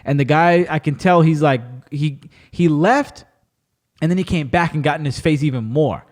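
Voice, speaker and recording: A man hosting a podcast, chatting casually and telling animated stories with plenty of swearing. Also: on the high side, moderate pace. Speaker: podcast host. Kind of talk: casual chat.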